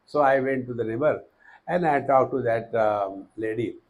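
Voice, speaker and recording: A man with an Indian English accent giving a spiritual discourse, teaching through humorous anecdotes with quick bursts and slow emphatic phrases. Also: medium pitch, poor audio.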